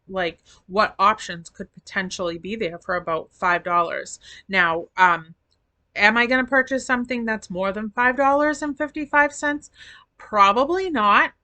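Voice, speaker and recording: A woman's voice: mid-range voice, sharp tone, dry recording. A middle-aged woman vlogging in a rambling, chatty way, feeling sick with a sore throat. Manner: chatty, rambling, affectionate to viewers. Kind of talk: casual chat to camera.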